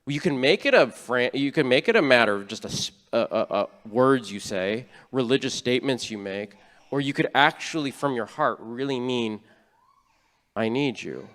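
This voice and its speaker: A man's voice: mid-range voice, lively intonation, moderate pace, a bit bright, big-room sound. A man preaching a sermon as a church elder, in an earnest, conversational way with frequent restarts. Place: church sanctuary.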